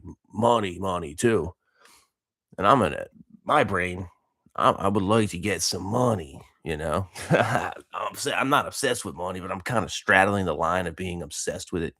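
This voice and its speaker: A man in his early thirties talks through a loose, motivational monologue, rambling and laughing between thoughts with easygoing slang. His voice sits low and deep, and the recording is dry and close with little room sound. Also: a bit bright, no room sound. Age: 30s. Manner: rambling, laid-back, laughs often, dude slang. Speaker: vlogger and coach.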